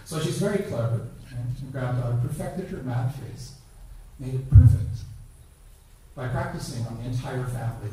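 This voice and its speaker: An older man giving a dharma talk at a temple, telling stories with playful asides. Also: medium pitch. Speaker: dharma speaker. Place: temple hall. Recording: echoey hall from far off, background noise.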